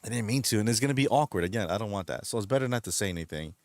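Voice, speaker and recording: Late at night, a man live streams and reads his chat, rambling to viewers and often chuckling as he retells jokes. His voice is lowish and expressive, he talks at a racing pace, and there's no echo.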